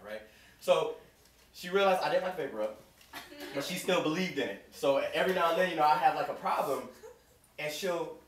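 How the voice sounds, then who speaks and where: A man in his thirties doing an animated stand-up comedy set, telling a story and acting out the other people's voices. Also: high voice. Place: comedy club stage. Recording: roomy club sound from far off with crowd laughter. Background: audience laughing.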